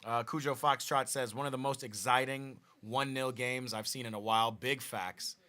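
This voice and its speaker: Bright-voiced man chatting football. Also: mid-range voice, fairly even intonation, moderate pace. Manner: chatty, restarts, reads viewer comments aloud. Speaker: watch party host. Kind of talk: casual live-stream football chat.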